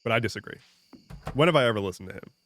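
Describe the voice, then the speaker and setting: A man with a lowish, expressive, somewhat bright voice talks rapid-fire while live-streaming a farming game, recorded dry and at studio quality. He chats casually and jokes with his viewers, rambling off on tangents, restarting often and swearing now and then.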